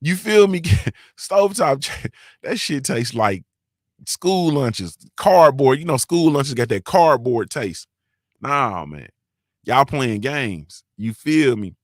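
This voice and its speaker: A man hosts a casual live-stream morning show at a middle pitch. He talks in loose, profane slang and laughs often, checking in with his listeners again and again. The sound is dry and close, with no room around it. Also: animated, slow pace, dry recording.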